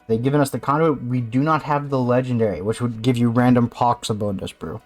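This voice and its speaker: A man streaming live, reacting to a game and swinging into loud mock rants. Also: mid-range voice, steady tone, fairly quick, soft background music.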